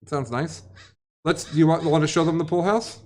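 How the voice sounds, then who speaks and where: A man's voice: fairly high pitch, fairly quick, a little mellow. Rambling jokey man hosting a stream. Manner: rambling, jokey, filling time. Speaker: stream host. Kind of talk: casual livestream chat.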